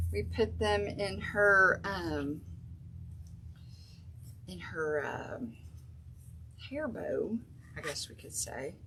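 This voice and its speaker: Woman, craft host, slow-spoken, chatty, working aloud, light background noise. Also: a little high, fairly bright tone, low-quality recording. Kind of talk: casual craft livestream chat.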